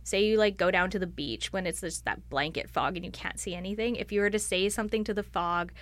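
A woman's voice: lowish voice, quick pace. A woman on staff answering interview questions in a thoughtful, explanatory way, often using "like" as a filler. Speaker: library staff member.

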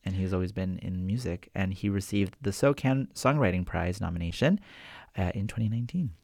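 Low gravelly young man. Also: fairly quick, no room sound, clean studio sound. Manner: relaxed, laughs easily, many fillers. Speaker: co-host. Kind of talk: casual radio music chat.

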